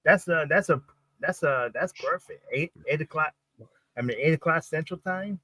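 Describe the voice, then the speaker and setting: A man co-hosting a casual podcast, stammering and repeating his words as he gets excited. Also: fairly high pitch, normal speed, dry recording, rough recording. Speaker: podcast co-host. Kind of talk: casual watch-party chat.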